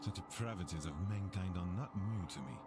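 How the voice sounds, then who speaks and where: A grave French scholar , voiced by a man with a French accent, speaking in a very low, measured and solemn voice. He is stern but humane, weighing every word in a voiced mystery game. Soft music plays faintly behind him. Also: lightly acted. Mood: troubled. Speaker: game character.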